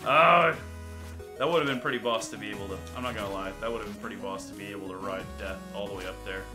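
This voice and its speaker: A man's voice: fairly low pitch, fast. A young man casually commenting on a game he plays live, chatting and laughing with his viewers. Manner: chatty, laughing, talking to chat. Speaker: streamer. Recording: game music behind the voice.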